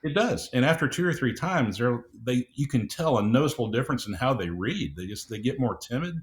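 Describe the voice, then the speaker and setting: A middle-aged man speaking as an audiobook producer and guest, talking in a measured, unhurried way with frequent "uh"s and restarts. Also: mid-range voice, animated. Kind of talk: casual interview chat.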